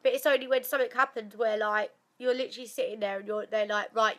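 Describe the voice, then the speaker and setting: A woman's voice: fairly high pitch, fairly bright tone. A young woman chatting casually to camera with a badly blocked nose, swearing freely and laughing often. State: blocked nose after surgery. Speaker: vlogger.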